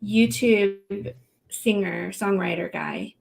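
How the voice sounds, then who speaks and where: A woman's voice: medium pitch, slow, gravelly. A woman co-hosting a casual podcast chat, talking in an easygoing, thoughtful way. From United States. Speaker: podcast co-host.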